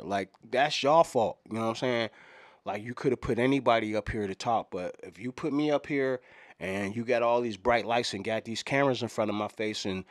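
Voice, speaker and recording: A man's voice: mid-range voice, dry recording. A middle-aged man rambles through a mock press conference, wandering from one aside to the next and leaning on "you know what I'm saying." His voice sits in an ordinary middle range. The sound is dry and close, with no room around it. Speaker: comedian doing a mock fan press conference. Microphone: microphones in front of him at a podium.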